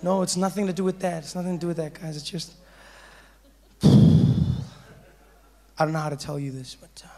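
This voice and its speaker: A man doing stand-up comedy, telling a story and acting out characters with sudden loud shouts. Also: on the high side, steady tone, brisk, long pauses.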